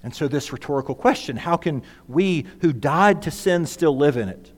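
A man preaching a sermon as pastor, emphatic, swinging between loud and hushed. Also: fairly high pitch, lively intonation, normal speed. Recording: long reverb of a large hall.

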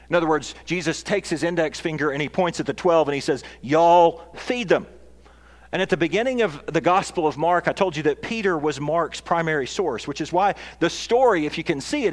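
Earnest preaching man in a reverberant hall. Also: on the high side. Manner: earnest, building to emphatic peaks. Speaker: pastor. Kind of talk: sermon. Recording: long reverb of a large hall.

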